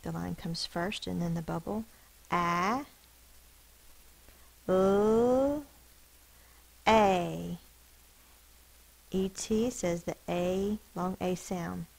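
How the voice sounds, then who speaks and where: A woman's voice: fairly low pitch, fairly even intonation, creaky, a little mellow, breathy edge, rough recording. A woman teacher giving a spelling lesson, patiently sounding out words and explaining the rules behind each sound. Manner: slow, careful sounding-out of words.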